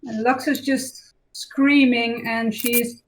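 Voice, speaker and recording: Woman player, high voice, slow and deliberate with fillers. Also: steady tone, low-quality recording. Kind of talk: tabletop game play over a call.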